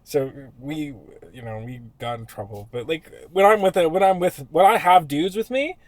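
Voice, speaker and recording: A man's voice: a little high, moderate pace, dry recording. A man on a podcast, telling long, profane, rambling stories and acting out the people in them. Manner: rambling, profane, animated storyteller who acts out the people in his stories. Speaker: podcast host. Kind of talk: casual podcast storytelling.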